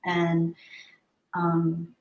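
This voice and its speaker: A woman's voice: fairly low pitch, completely flat delivery, drawn-out words, vocal fry, far from the mic, lo-fi sound. A woman hosting a live stream, chatting casually and thanking her viewers. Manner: chatty, warm thanks to viewers, laughs often. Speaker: livestream host. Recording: roomy sound, voice a bit off-mic.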